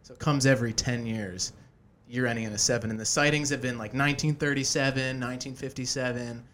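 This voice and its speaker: A man's voice: mid-range voice, steady tone, fast talker, a bit bright. Joking man hosting a podcast. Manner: joking, laughs often, many fillers. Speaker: podcast host. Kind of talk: casual podcast chat.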